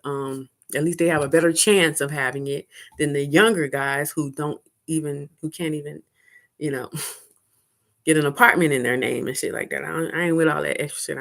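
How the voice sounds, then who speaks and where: A middle-aged woman telling a personal dating story casually, candid and profane. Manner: candid and profane, with animated high-pitched quoting.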